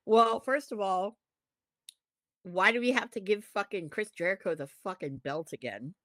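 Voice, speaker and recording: A woman co-hosting a podcast, ranting about wrestling in a profane, animated way. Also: medium pitch, normal speed, no echo, clean studio sound. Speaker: podcast co-host. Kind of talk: casual wrestling chat.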